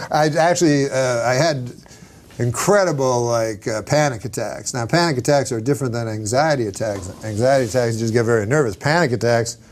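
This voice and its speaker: A man, a comedian, telling rambling deadpan stories as a talk-show guest. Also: medium pitch. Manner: deadpan, rambling, with many fillers.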